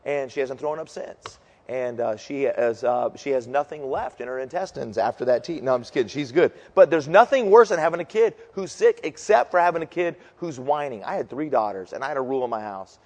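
A middle-aged man preaching a sermon as a story, animated and jokey, who acts out the voices of the people in it. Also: medium pitch, brisk. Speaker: pastor. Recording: long reverb of a large hall.

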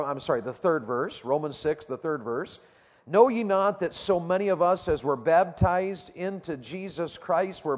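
A man preaching a sermon, questioning the congregation and reading scripture slowly and deliberately. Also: fairly high pitch. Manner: call-and-response, asking the crowd questions. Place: church auditorium. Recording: reverberant hall.

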